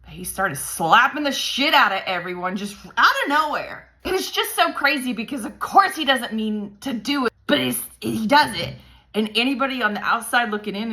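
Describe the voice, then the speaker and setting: A worn-out woman in her thirties talks straight to camera in a candid vlog. Her voice is bright and forward, and she swears freely, cracking dark jokes to cope. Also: mid-range voice, animated, normal speed. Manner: profane, darkly humorous, venting. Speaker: parent vlogger.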